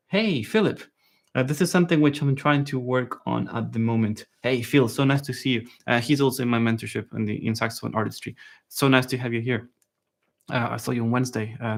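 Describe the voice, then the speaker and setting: A man giving a live online saxophone lesson, relaxed and chatty, often checking in with his viewers and singing phrases to show them. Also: medium pitch, gravelly. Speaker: saxophone teacher.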